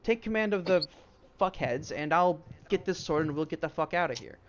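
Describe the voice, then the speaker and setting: A woman's voice: fairly low pitch, brisk, lo-fi sound, a little hiss or hum, pitched above the performer's own voice, natural voice. A man voicing a scheming female tiefling bookkeeper who barks orders and swears freely. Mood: bossy. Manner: commanding and profane.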